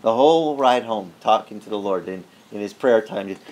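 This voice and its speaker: A male pastor telling a story in a sermon, animated and conversational, acting out the people he quotes. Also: fairly low pitch, moderate pace, hardly any pauses. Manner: conversational with frequent restarts.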